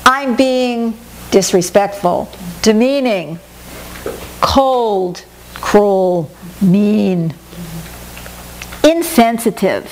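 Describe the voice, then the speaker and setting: A middle-aged woman teaching a talk on personal growth, animated, often acting out quoted inner voices. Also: mid-range voice, drawn-out words, pauses often, a little hiss or hum. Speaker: workshop teacher.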